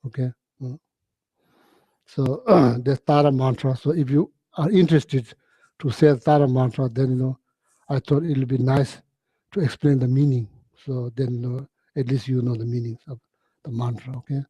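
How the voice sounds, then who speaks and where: Man telling stories in halting, chuckling speech. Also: mid-range voice, fairly even intonation, dark tone, breathy edge, no echo. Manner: halting, repeats words, chuckles often, chatty. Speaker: Buddhist teacher. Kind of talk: relaxed dharma talk storytelling.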